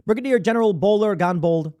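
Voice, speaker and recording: A man's voice: high voice, fast talker, warm tone. A man hosting a commentary show, reading a news story aloud and mocking it with sarcastic asides and acted-out imagined exchanges. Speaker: show host.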